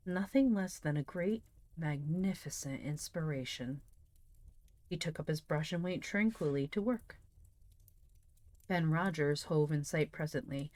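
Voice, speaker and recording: A woman reading a classic novel aloud on a live stream, with measured narration and chatty asides to viewers. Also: sits low, a little mellow, dry recording.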